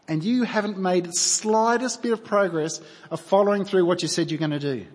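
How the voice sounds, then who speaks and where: A man's voice: high-pitched, a little fast, hardly any pauses, slightly rough. A man preaching a sermon in an earnest, conversational way, asking his listeners rhetorical questions. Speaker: pastor. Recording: long hall reverb.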